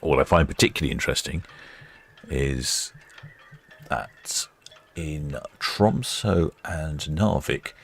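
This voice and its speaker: A man's voice: extremely low pitch, animated, slow pace, vocal fry, long pauses. A man hosting a live stream, giving casual, rambling commentary and correcting himself as he goes. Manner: chatty, rambling, self-correcting.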